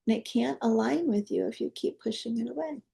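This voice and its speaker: A woman teaching energy healing. She leads a guided meditation in a soft, coaxing way, with prayer-like invocations. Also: fairly high pitch, brisk, gravelly.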